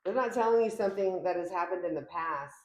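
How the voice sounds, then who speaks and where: A woman's voice: fast talker, a little mellow. A woman giving a casual tarot reading to the camera, chatty and emphatic, filming herself at home. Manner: chatty, emphatic, acts out quoted lines with big pitch jumps. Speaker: tarot reader. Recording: echoey room.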